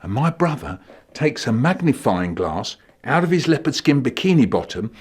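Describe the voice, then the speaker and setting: A man telling comic stories for children in an animated, playful way, bursting into loud silly shouts. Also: medium pitch, normal speed, breathy edge. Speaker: comic storyteller.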